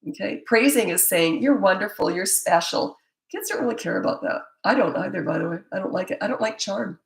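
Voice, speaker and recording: Blunt woman with a gravelly voice. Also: mid-range voice, animated, fast. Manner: blunt, emphatic, opinionated. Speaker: parenting coach. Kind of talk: answering viewer questions. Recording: echoey room.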